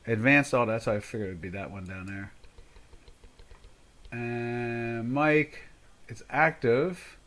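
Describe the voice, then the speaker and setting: A man's voice: medium pitch, takes it slowly, pauses often, a bit bright. An older man hosting a live trading stream, chatting casually and thinking aloud as he works. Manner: chatty, thinking aloud while fixing settings. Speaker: trading show host.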